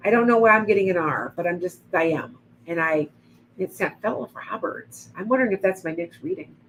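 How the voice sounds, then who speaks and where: A woman's voice: lowish voice, lively intonation, brisk, lo-fi sound, slight background noise. A middle-aged woman giving rambling psychic readings on a live stream. She greets viewers by name as she goes. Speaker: psychic medium.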